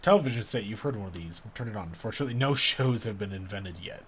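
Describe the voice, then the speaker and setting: Low-voiced male gamer, casual commentary, reads text aloud, joking. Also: lively intonation, fast talker, a bit bright, a little hiss or hum.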